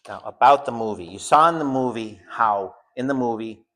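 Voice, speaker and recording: A man's voice: medium pitch, moderate pace, a bit bright. A man giving an informal home school lecture, blunt and emphatic, often repeating phrases for stress.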